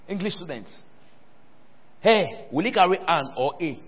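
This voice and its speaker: A man's voice: medium pitch, fairly quick, pauses often, breathy edge. A man preaching a sermon and teaching a Bible word study, calling on the congregation for responses and breaking into mocking, laughing asides. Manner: animated, calls for congregation responses. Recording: echoey hall over a tinny phone-like line.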